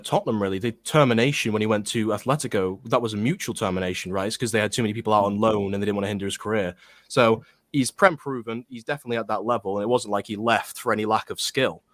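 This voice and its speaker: A man's voice: on the low side, quick pace. A man speaking as a guest on a football chat stream, hesitant, with frequent "um"s and restarts.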